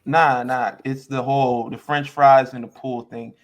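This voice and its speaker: A man's voice: medium pitch, level tone, measured pace. A man co-hosting a podcast in casual chat, teasing and joking with a laugh. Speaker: podcast co-host.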